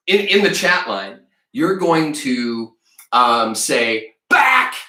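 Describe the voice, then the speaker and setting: A man teaching a live-streamed read-aloud lesson, chatty and energetic as he talks to the viewers in the chat. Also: a little high, roomy sound. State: a little out of breath.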